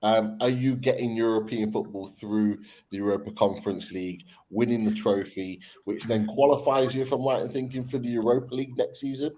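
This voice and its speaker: Man, podcast host, easygoing, asks questions, mid-pitched. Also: flat delivery, a little fast, hardly any pauses, mellow, poor audio. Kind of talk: casual chat.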